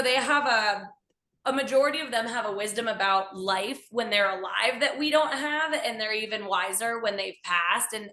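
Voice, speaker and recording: A woman's voice: mid-range voice, pushed and bright. A woman guest in a casual interview, speaking with enthusiasm and often acting out playful voices in quotes. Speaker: guest, animal communicator. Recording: echoey room.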